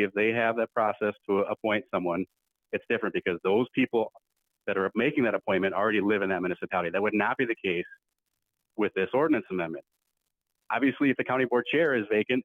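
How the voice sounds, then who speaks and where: A man's voice: lowish voice, no room sound. A man who is a county board supervisor, making an emphatic, argumentative debate speech at a public meeting. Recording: tinny phone-like line, dry.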